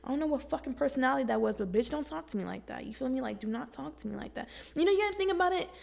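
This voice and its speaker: A young woman talks straight to the camera at home, blunt and slangy, swearing freely as she gives self-help advice. Her voice sits a little high and crackles with strong, gravelly fry. She sounds animated and casual, like she is talking to a friend. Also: very fast. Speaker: vlogger.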